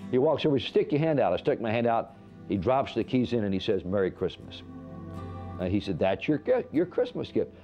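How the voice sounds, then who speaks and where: A man's voice: medium pitch, very animated, brisk, mellow, faint music behind. A man being interviewed, telling a story and quoting the dialogue. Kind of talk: anecdotal storytelling. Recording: dull lo-fi interview audio.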